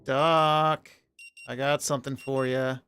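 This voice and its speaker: A man's voice: mid-range voice, flat delivery, slow, sharp tone, slight background noise. A man streaming a game, reading its narration aloud and chatting casually into a desk mic on an arm. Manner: casual, reads narration aloud, talks to himself. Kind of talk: let's play commentary and reading game text.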